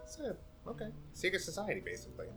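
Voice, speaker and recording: A man's voice: sits high, wildly swooping pitch, quick pace, music in the background. A man playing in a tabletop game, joking and laughing often. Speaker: player.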